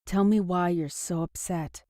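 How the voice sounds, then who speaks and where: A woman reading a blunt, steady young man. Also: on the low side, unhurried, dry recording, studio quality, close to an everyday voice. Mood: calm. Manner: calm but blunt. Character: patient young man, firm and frank. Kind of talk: audiobook dialogue reading.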